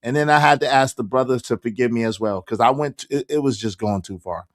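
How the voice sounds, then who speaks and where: A hoarse man, hosting a casual livestream and shouting out his viewers by name. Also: medium pitch, fast talker. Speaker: livestream host reading chat.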